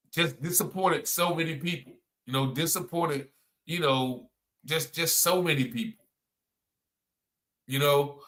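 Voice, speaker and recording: Bright-voiced man testifying. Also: fairly high pitch. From North Carolina. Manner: conversational, repeats phrases, many "you know" and "man" fillers. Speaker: person giving a testimony. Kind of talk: spoken religious testimony.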